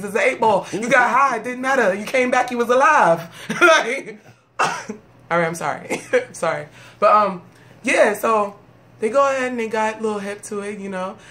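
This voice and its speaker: A woman's voice: mid-range voice, a bit bright. A woman rants with a sarcastic, streetwise edge, often breaking into laughter. Her voice sits in a middle register. A faint hiss of background noise runs under the recording. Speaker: comedic monologue host. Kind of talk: casual comedic rant.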